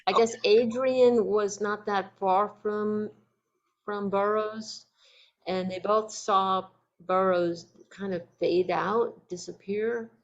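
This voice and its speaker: A woman's voice: mid-range voice, fairly even intonation. A woman hosting a podcast, speaking hesitantly while relating what she read. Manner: slow, hesitant, many backchannels. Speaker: podcast host. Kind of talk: casual interview. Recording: muffled remote audio.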